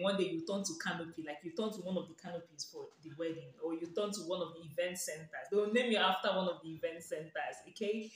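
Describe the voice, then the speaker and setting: A woman's voice: on the low side, fairly bright tone. A woman with a Nigerian accent giving playful, sarcastic lifestyle advice in a vlog, teasing and often laughing. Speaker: lifestyle vlogger. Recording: very echoey room.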